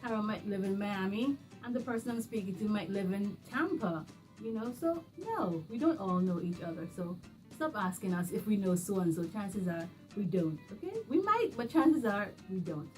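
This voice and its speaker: A woman from the Caribbean talking casually to camera in a vlog, working through a numbered list in an animated, emphatic way. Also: medium pitch, normal speed. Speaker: vlogger. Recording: a bit distant from the mic, faint music.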